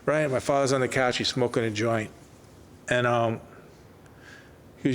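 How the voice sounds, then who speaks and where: Older guy telling stories, does all the voices in the dialogue, faint rumble under it. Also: normal speed. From New York. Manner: animated anecdotes, acts out quoted dialogue. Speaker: record label founder, guest. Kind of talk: storytelling in a casual interview.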